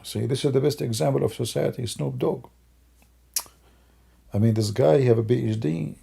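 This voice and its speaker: A man whose first language is Arabic, hoarse from losing his voice, musing and rambling in broken English on a livestream. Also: medium pitch, normal speed, mellow. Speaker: livestream host. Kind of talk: casual livestream talk.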